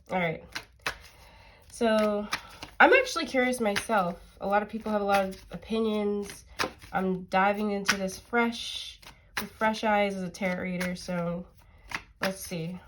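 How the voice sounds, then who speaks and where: A woman with a congested, nasal voice talks her way through a tarot reading in a loose, rambling way, full of "like" and "um". Her pitch sits in an ordinary middle range. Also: fairly even intonation, unhurried, background noise. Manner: rambling, lots of "like" and "um". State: stuffy nose, nasal. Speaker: tarot reader. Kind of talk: casual tarot reading chat.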